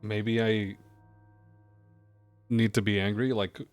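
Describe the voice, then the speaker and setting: A man's voice: fairly low pitch, little pitch movement, slow pace, clear, resonant tone, soft background music. A man streaming a video game, muttering wry, casual commentary with frequent swearing. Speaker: gaming streamer. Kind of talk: casual let's-play commentary.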